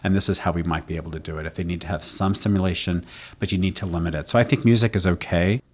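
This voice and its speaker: A middle-aged man, a pediatrician, giving relaxed, reassuring advice in a casual chat with parents and chuckling now and then. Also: low voice, quick pace.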